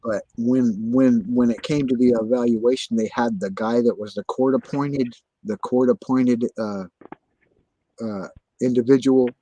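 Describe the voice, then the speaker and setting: A man's voice: mid-range voice, steady tone, a little slow, mellow, no room sound, lo-fi sound. A man telling his story in casual conversation, agitated and profane, insisting on the same points again and again.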